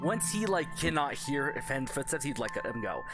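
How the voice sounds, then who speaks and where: A man's voice: medium pitch, big pitch swings, normal speed, loud music behind the voice. A man playing a tabletop game, describing his moves in a giggly, swearing chat. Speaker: player.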